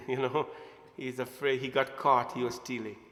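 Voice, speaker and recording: A man telling a devotional story as a sermon, animated and chuckling, mixing in Hindi words. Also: medium pitch, moderate pace. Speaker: preacher. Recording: echoey hall reverb.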